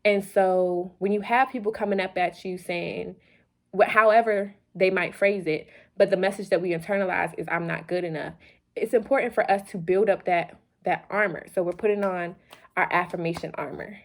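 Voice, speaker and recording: A woman's voice: mid-range voice, steady tone, normal speed. Woman vlog host, late-night loopy energy, playful preacher, repeats phrases for emphasis. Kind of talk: motivational talk to camera.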